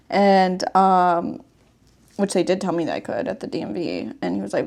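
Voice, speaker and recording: A woman's voice: medium pitch, expressive, brisk, vocal fry, darkish tone. A young woman, hosting a podcast and telling a long story in a rambling way, with lots of "like". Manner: rambling storytelling, heavy use of "like". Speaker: podcast host. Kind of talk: casual chat.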